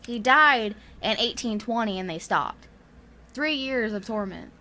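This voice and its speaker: A woman's voice: fairly high pitch, expressive, unhurried, bright, forceful tone. A woman with a Southern US accent casually retelling a ghost story on a podcast, rambling with many fillers and frequent laughs. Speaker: podcast co-host.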